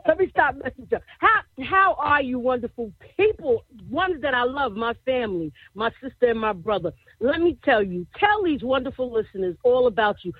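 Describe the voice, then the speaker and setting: A woman's voice: a little high, animated, moderate pace, hardly any pauses, slightly rough, no echo. Exuberant woman hosting a gospel radio show. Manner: exuberant, laughing, repeats "I tell you". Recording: tinny phone-line sound, dry.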